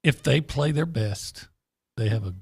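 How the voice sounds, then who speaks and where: Gravelly, husky man on sports radio. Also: mid-range voice, animated, a little slow, a little mellow. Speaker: sports radio co-host, former reporter. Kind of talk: casual sports radio chat.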